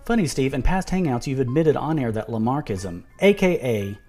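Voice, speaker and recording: A man speaks in an argumentative video monologue at an ordinary middle pitch. He keeps restarting his words while he builds his point. A faint bed of music plays behind him. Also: lively intonation, moderate pace, dark tone. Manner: repeats and restarts words, reads quotes aloud, sarcastic. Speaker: video commentator.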